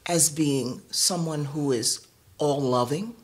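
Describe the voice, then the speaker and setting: A woman's voice: low voice, takes it slowly. Earnest woman telling a personal story. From New York. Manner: earnest, animated, acts out quoted speech. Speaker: devotee sharing testimony.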